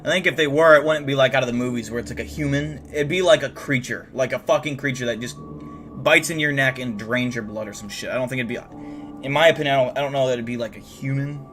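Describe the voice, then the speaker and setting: A young man hosts a livestream at an ordinary, middle pitch, sounding worn out and yawning. He rambles loosely and swears freely, often restarting his sentences. Faint music plays behind him. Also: quick pace, fairly bright tone. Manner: rambling and profane, with many restarts. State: tired, yawning. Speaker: livestream host. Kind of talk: casual chat, reacting to viewer messages.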